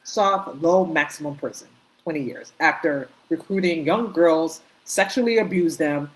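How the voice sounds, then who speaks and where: A woman's voice: deep voice, a little slow, low-quality recording. A woman co-host giving emphatic commentary, agreeing and building on the point.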